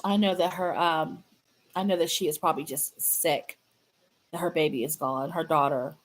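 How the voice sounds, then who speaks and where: A woman hosting her own fan channel, chatting casually and sadly to viewers, halting and repeating herself with many fillers. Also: low voice, steady tone, poor audio. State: sad, grieving. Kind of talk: casual livestream chat to viewers.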